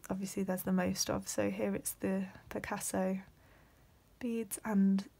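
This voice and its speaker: A young woman, hosting a step-by-step beading tutorial in a soft voice that often drops to a whisper, with frequent ums. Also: mid-range voice, level tone, measured pace, vocal fry, slightly rough.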